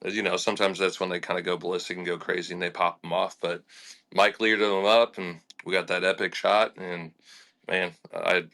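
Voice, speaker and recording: A young man tells fishing stories in a casual podcast chat. He talks in a lowish but bright, forceful voice. He acts out what people said and laughs often. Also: normal speed, gravelly. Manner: animated and laughing, with lots of fillers and acted-out quotes. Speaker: fishing charter captain. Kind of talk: casual storytelling in a podcast interview.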